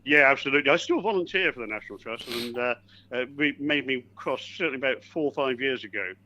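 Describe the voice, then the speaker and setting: An older man with a Hampshire accent rings in to a chat show. He is polite and genial, often pausing on fillers. His voice comes through a dull, muffled line. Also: medium pitch, lively intonation, noisy background. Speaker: caller. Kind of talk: phone-in conversation.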